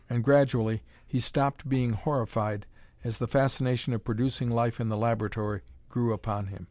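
Guy reading a pulp adventure story out loud, dramatic and measured, mid-pitch voice, super dry close sound. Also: no room sound. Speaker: narrator. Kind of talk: scripted story narration.

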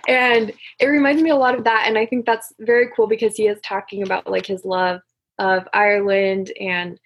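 A woman's voice: medium pitch, fairly even intonation, moderate pace. A woman chatting eagerly and casually about a poem, with many fillers. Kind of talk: casual chat.

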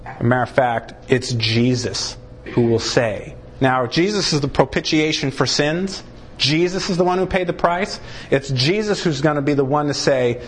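A man's voice: moderate pace, slight background noise. A man preaching a sermon, acting out short exchanges and punching key words for emphasis. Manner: animated preaching, swings pitch widely for emphasis; acts out short dialogues between God and a sinner. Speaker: pastor.

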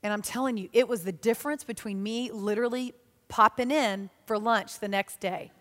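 A woman giving a sermon, telling stories in a lively, self-mocking way. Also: on the high side, moderate pace. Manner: animated, self-mocking storytelling. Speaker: church speaker. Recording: long reverb of a large hall.

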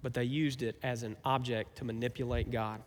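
A man's voice: mid-range voice, little pitch movement, fairly quick, long reverb tail. A man preaching a sermon as pastor, talking conversationally and asking his listeners rhetorical questions.

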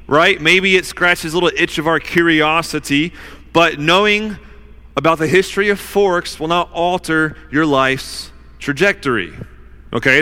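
A man preaching a sermon as pastor in a casual, conversational way with fillers, slowing down hard for emphasis. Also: on the high side, bright, forceful tone, clean tone. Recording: long hall reverb.

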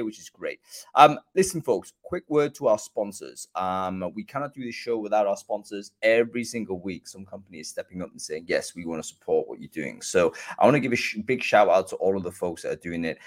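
A man hosting a live online show, chatty and filled with ums and uhs, talking from a room by a bright window. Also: lowish voice. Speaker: host.

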